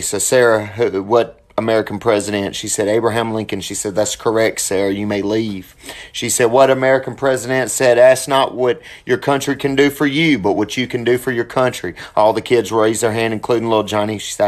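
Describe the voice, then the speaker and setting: A man's voice: mid-range voice, steady tone, a little fast. A man telling a joke in a casual, drawling way, with plenty of uhs. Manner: drawling storyteller with filler uhs. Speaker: joke teller.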